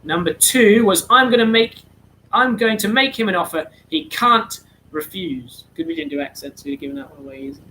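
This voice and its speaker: A man's voice: high-pitched, lively intonation, fairly quick, bright, forceful tone, a little hiss or hum, poor audio. A man hosting an online charity quiz, reading out answers in a chatty, slightly flustered way. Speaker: quiz host.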